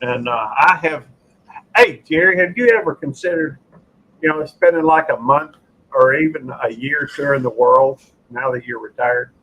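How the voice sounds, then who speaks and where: A man's voice: medium pitch, normal speed, a bit bright. Rambling man chatting casually. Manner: rambling, hesitant with fillers. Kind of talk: casual chat. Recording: slightly dull audio with faint noise.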